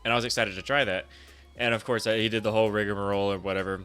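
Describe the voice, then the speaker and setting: A man's voice: on the low side, fairly even intonation, very fast, a bit bright, clean tone, faint music behind. A man co-hosting a casual podcast, telling profane stories and acting out both sides of the exchange. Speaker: podcast co-host.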